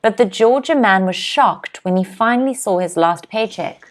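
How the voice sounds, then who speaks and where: In a mid-range voice, a young English teacher hosts a live online class where she drills new words with careful, slow pronunciation. Between frequent "okay?" checks, she reads viewers' comments aloud and gives small laughs.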